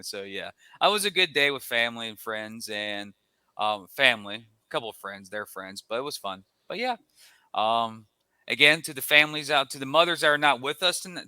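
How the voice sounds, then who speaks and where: Male podcast co-host, rambling storyteller, clear smooth voice. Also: mid-range voice, bright, forceful tone, no echo. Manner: rambling storyteller with frequent restarts. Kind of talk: casual podcast chat.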